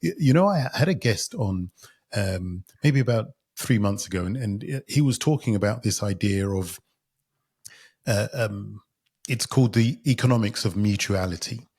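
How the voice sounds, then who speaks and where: A man's voice: fairly low pitch, animated, normal speed, darkish tone, husky. A man hosting a podcast interview, enthusiastic and restarting his sentences. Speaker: podcast host.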